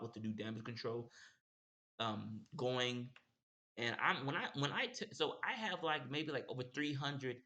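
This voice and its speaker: A man's voice: medium pitch, sharp tone. A young man telling a casual story as a streamer host, rambling and repeating himself. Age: young adult.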